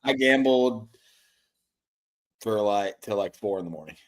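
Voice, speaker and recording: A man co-hosting a casual sports betting show over a video call, voice worn from losing it, teasing in a dry, deadpan way. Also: on the low side, measured pace. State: lost his voice. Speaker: podcast co-host.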